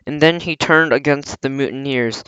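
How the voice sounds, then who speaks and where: A man reading a novel aloud in a plain, steady way, with small slips and some throat clearing. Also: medium pitch, normal speed, dry recording, lo-fi sound. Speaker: audiobook reader.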